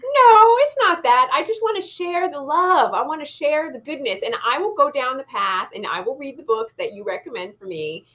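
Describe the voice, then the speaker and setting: A woman co-hosting a casual chat, lively and laughing often, acting out little voices as she talks. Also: sits high, moderate pace, few pauses, highs cut off. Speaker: co-host.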